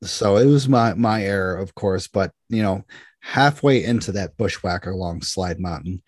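A man with a fairly low voice tells a story in casual conversation. He jumps into the voices of the people in it as he goes. The sound is dry and close, with no room echo. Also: moderate pace, slightly rough. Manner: animated, acts out dialogue in anecdotes.

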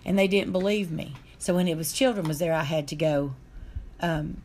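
A woman's voice: sits low, normal speed, darkish tone, slight background noise. A middle-aged woman, telling a painful story in an earnest, aggrieved way. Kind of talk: casual chat.

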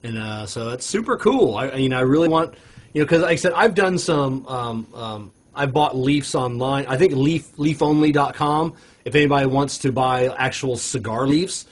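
A man with an ordinary mid-pitched voice chats casually as a podcast co-host. He rambles, circling back through fillers and restarts as he talks. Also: moderate pace.

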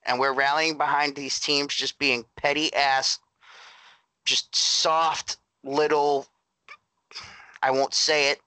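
A man's voice: on the high side, little pitch movement, takes it slowly, long pauses, sharp tone, clean tone, dry recording, poor audio. A man co-hosting a sports podcast, building his argument with rhetorical questions. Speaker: podcast co-host. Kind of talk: casual sports podcast chat.

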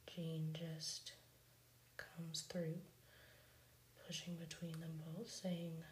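A woman softly whispering an ASMR retelling of a cartoon episode, slow and even. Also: low-pitched, echoey room, a little hiss or hum, poor audio. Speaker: ASMR storyteller.

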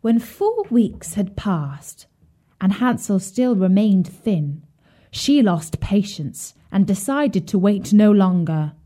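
A woman reading a fairy tale aloud for children, expressive, sometimes dropping to a whisper. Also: mid-range voice. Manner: slow, expressive, drops to a whisper at grim parts. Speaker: storyteller.

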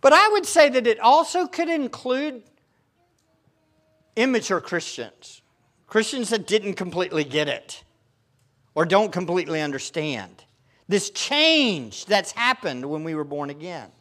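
A man preaching in church with a high, lively voice that climbs and falls widely. He presses his points hard and keeps throwing questions out to the congregation. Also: measured pace. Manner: emphatic, asks the congregation rhetorical questions. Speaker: pastor. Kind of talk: sermon.

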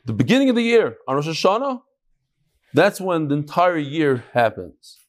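A man's voice: fairly high pitch, sing-song, moderate pace. Chatty man teaching a Talmud class. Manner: chants Aramaic text, then explains in chatty English; jokes and bickers with students. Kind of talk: casual daily Talmud class. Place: room with a live study group.

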